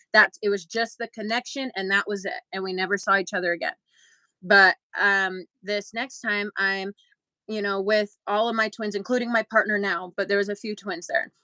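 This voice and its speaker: A young adult woman, a podcast co-host, telling a story in casual chat and acting out quotes with big jumps in pitch. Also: bright, forceful tone, no room sound, rough recording.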